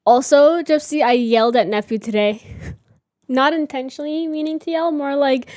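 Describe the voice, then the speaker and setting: A woman in her thirties with a high voice chats casually with her viewers. She is giggly and talkative. The sound is dry and close, with no room echo. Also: moderate pace, darkish tone. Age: 30s. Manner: chatty, giggly, reads chat aloud. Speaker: livestream host. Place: home room with reading chair.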